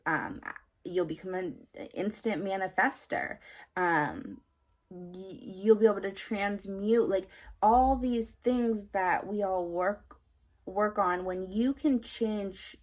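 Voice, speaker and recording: A woman's voice: medium pitch, a little mellow. A young adult woman vlogging casually about spiritual ideas, rambling with lots of fillers and frequent tag questions.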